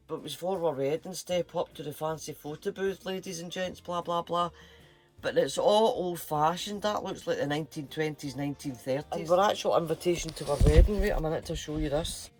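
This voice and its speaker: A man's voice: on the high side, a little mellow. A middle-aged man with a Scottish accent, chatting casually and playfully to his vlog viewers in a rambling way. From Scotland. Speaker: channel host.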